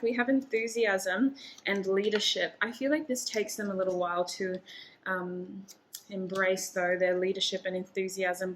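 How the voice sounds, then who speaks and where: Woman, tarot reader, casual chat to camera, chatty, bright voice, faint background hiss. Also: medium pitch. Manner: chatty, thinks aloud, laughs often.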